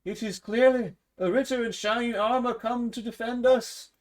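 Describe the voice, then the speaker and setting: A man voicing a flustered, excitable peasant woman answering a door. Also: very high voice, moderate pace, pitched above the performer's own voice. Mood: excited.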